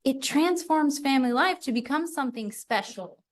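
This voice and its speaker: A middle-aged woman co-hosting a podcast in casual chat, animated, acting out little quoted voices. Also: high voice, moderate pace. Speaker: podcast co-host.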